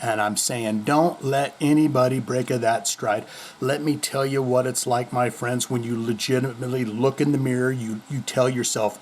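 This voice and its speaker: A man's voice: mid-range voice, fairly even intonation, moderate pace, a little hiss or hum. A man hosting his own heavy metal news podcast from home, rambling and joking with a lot of swearing. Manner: rambling, jokey and profane with sudden swings in loudness. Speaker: podcast host. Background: people moving things around.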